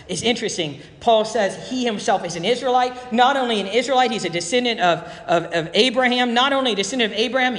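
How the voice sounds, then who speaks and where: A man's voice: high voice, fairly bright tone, long reverb tail. A man preaching a verse-by-verse Bible teaching sermon, emphatic and repeating his key points.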